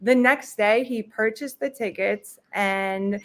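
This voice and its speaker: A woman's voice: medium pitch, takes it slowly, a bit bright. A woman guest telling her story in a casual, emotional way, fumbling over her words.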